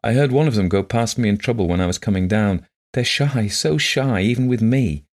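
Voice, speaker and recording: A man reading the part of a gentle, shy blind woman who talks softly and earnestly in simple phrases. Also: on the low side, a little fast, pitched above the performer's own voice, close to an everyday voice.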